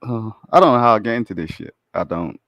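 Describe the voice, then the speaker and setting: Animated, swearing male caller. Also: lowish voice, fast, no room sound, lo-fi sound. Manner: animated, swearing, laughing storyteller. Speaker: caller on a live stream. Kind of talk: casual chat.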